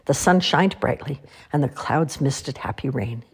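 A woman reading children's stories aloud in an expressive, sing-song way. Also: rumbling low, measured pace, creaky, breathy edge. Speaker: storyteller. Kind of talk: children's story read-aloud.

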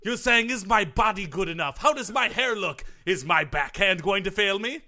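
A man's voice: sits high, animated, moderate pace, sharp tone, heavily acted. A man playing a pompous eccentric grunt coach. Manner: pompous, theatrical, over-the-top. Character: smug eccentric male tennis grunt coach. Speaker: comedy podcast sketch performer. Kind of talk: improvised comedy sketch.

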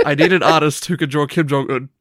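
A podcast co-host in casual chat, joking around, swearing often and laughing loudly. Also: medium pitch, a little fast, dry recording, clean studio sound.

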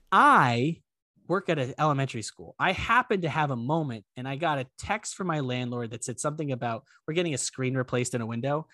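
A man's voice: medium pitch, brisk, no room sound, clean studio sound. A young man co-hosting a podcast, telling a story in casual chat, acting out the people in it. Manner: animated, acts out quoted voices, swears casually. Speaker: podcast co-host.

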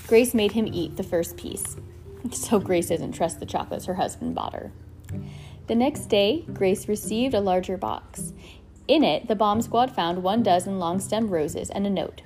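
Brief: woman narrator reading a chapter book aloud, steady pace, faint music under. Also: medium pitch, normal speed. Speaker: reader. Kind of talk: reading a children's novel aloud.

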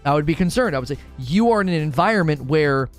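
A man's voice: a little high, animated, quick pace, soft background music. A man in his thirties, a father, giving blunt opinions in casual chat while answering questions, often restarting his sentences.

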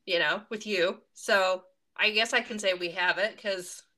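A woman co-hosting a podcast, chatting casually, supportive and quick to laugh. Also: mid-range voice, steady tone, sharp tone. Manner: supportive listener, laughs easily. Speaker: podcast co-host. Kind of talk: casual chat.

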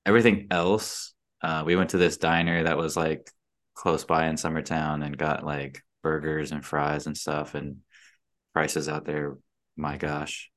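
Very deep-voiced relaxed man. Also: measured pace. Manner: relaxed storytelling, many fillers. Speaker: podcast guest. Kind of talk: casual chat.

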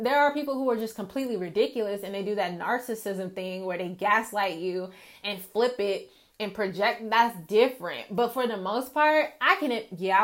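A woman shares a personal faith testimony in an unscripted, conversational way. She rambles candidly and keeps checking in with her listeners. When she recounts her prayers, her voice turns quiet and subdued. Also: medium pitch, animated, normal speed. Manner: candid, reflective, speaks in run-on stories with many "like" and "right?". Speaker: faith vlogger. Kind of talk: casual testimony to viewers.

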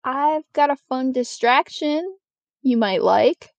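A woman's voice: sits high, animated, slow pace, vocal fry, dry recording, highs cut off. Rambling woman at a game table. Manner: rambling, swears casually. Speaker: player. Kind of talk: casual tabletop game chat.

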